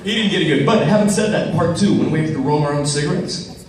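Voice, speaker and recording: A man on a convention panel telling profane, animated anecdotes and acting out the lines of the people in them. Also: a little high, quick pace. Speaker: panel guest. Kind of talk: storytelling at a fan convention panel. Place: large convention hall. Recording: echoey hall from far off, loud crowd and noise.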